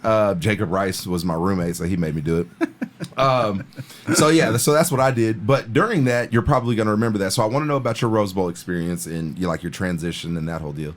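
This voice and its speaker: A man in his thirties with a fairly low voice hosts a casual podcast chat. He rambles through stories and swears freely as he talks. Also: quick pace. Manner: profane, rambling storyteller. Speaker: podcast host.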